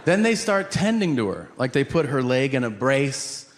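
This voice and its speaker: A middle-aged man doing stand-up storytelling on stage, animated and jumping into loud acted quotes. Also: mid-range voice, moderate pace, long reverb tail. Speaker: stand-up comedian. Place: comedy stage. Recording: live stage recording with audience noise.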